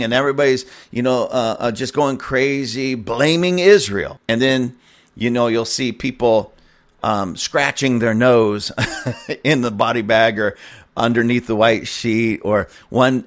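A man at a middle pitch gives casual commentary as a pastor. He talks emphatically and repeats himself for effect. Scornful laughs break into his delivery. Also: a bit bright. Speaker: church pastor giving commentary.

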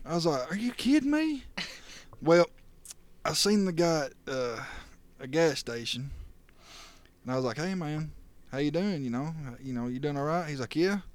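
Rowdy laughing storyteller. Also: male voice, fairly high pitch, a little slow, long pauses. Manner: rowdy, laughing storyteller who acts out quotes. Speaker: podcast co-host. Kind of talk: casual storytelling chat.

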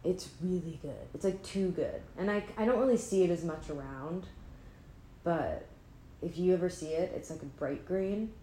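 Drowsy woman vlogger, low-ish voice, self-mocking ramble, echoey home room. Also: moderate pace, warm tone, slight background noise. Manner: rambling, self-deprecating, trails off and restarts. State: sleepy, not fully awake. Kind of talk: casual rambling chat to camera. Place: indoors at home, an apartment. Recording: echoey room with faint ambience.

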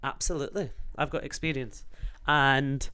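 A man's voice: medium pitch, steady tone, normal speed, bright, forceful tone, clear, resonant tone. Man, comedic rant, profane, rambling, jokey, streamer.

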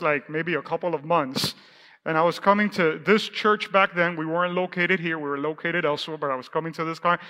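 A man preaches in a church with a high, bright voice that rings out across the long hall reverb. He mixes scripture with his own story, talking the way people do in everyday conversation and often repeating himself. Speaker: pastor. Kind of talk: sermon with personal testimony. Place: church sanctuary.

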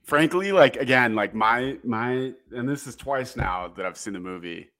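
A man with a mid-pitched voice chats easily on a podcast. He often stops and restarts his sentences. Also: lively intonation, normal speed, sharp tone. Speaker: podcast co-host. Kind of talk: casual chat.

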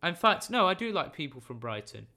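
Brisk and very animated, this football podcast host runs through results, scores and lineups with jokes and strong opinions in a casual roundup. His voice is slightly high, bright and forceful.

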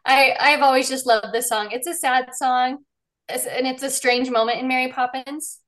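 A woman with a slightly raised pitch talks as a co-host in a casual chat. Her manner is fond and reminiscing, and the talk flows easily. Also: fairly even intonation, normal speed, a bit bright. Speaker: podcast co-host.

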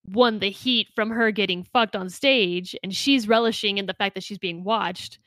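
A woman's voice: medium pitch, steady tone, normal speed, a bit bright, dry recording. A woman co-hosting a podcast, chatting casually and gushing about a book, swearing freely. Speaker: podcast co-host. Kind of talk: casual book-club chat.

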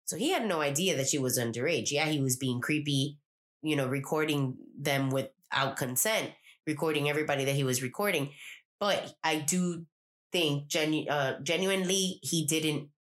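A woman's voice: deep voice, normal speed. A woman co-hosting a casual podcast, retelling a scene with lots of swearing and acted-out lines. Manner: profane, animated retelling, acts out quotes. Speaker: podcast co-host.

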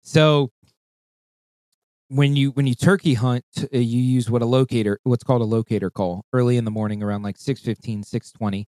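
A man's voice: medium pitch, normal speed, no echo. A man casually telling a long hunting story, swearing a lot and acting out voices and calls. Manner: profane, animated, acts out voices and calls.

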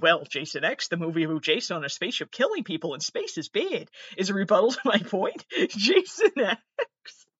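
A man's voice: sits high, fairly bright tone, dry recording, dull audio. A man with a nasal voice hosting a solo podcast, talking in a sardonic, exasperated way and swearing often. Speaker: podcast host.

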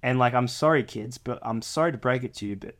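As the older-brother co-host, he chats casually on the podcast and meanders through his stories, full of "like" and "you know." He speaks fast in a medium-pitched, fairly bright voice.

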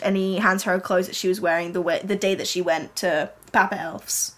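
Woman podcast co-host, medium pitch, chatty and giggly, loose storytelling with lots of "like" and restarts. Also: steady tone, moderate pace, hardly any pauses. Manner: rambling, many fillers and restarts, giggly. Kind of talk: casual chat, retelling a fan story.

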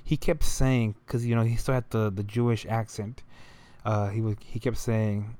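A man's voice: fairly low pitch, level tone, moderate pace, warm tone. A young man telling a story in a loose, rambling way, full of slang and fillers. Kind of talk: casual storytelling monologue.

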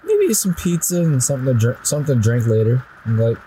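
A podcast guest in casual chat, laughing often and telling stories slowly. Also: slight background noise, poor audio. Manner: slow, laughing, lively pitch.

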